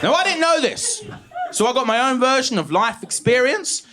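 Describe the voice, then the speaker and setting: A stand-up comedian, telling stories on a comedy stage into a handheld mic. His voice sits high for a man and swoops all over the place, jumping into loud shouted punchlines. The delivery is animated and restless. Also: normal speed, crowd noise. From England. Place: comedy stage with a live audience.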